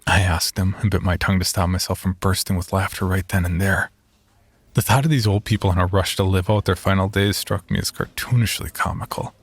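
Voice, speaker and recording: A man narrating a first-person horror story in a measured, scripted way. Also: low-pitched, creaky, husky.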